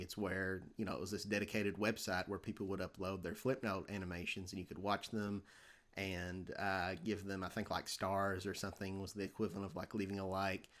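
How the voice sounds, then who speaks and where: A young man, talking casually on a podcast with lots of ums and restarts. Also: lowish voice. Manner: rambling, many fillers and restarts. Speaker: podcast host.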